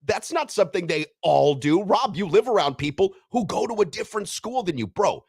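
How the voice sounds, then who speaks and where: A man co-hosting a sports talk show, teasing and lively in a casual way. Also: high-pitched, a little fast, vocal fry, breathy edge, dry recording. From Western Wisconsin. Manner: animated, teasing, lively delivery. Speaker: co-host of a sports radio show.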